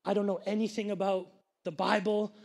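A young male pastor delivers a sermon built around a personal story, with a fairly high voice. He talks in an animated way and keeps breaking off to address the congregation directly. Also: fairly quick, vocal fry. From grew up Sikh, family from India.

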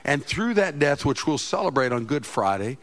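A middle-aged man, a pastor, preaching a sermon with passion, swinging from loud outbursts to quiet asides. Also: on the high side, big pitch swings, normal speed.

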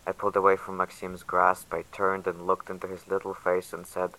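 A man narrating in the first person as a frightened young survivor, quiet and tense. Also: low-pitched, completely flat delivery, brisk, poor audio. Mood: shaken. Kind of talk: audio drama narration.

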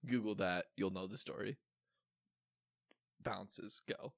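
A man's voice: deep voice, takes it slowly, vocal fry, no echo, studio quality. A young man co-hosting a podcast, laughing often and joking crudely in casual chat. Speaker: podcast co-host.

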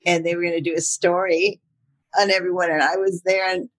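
A woman's voice: fairly low pitch, level tone, fairly quick. An older woman voice actor chatting as an interview guest, laughing often and using many fillers. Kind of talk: casual interview chat.

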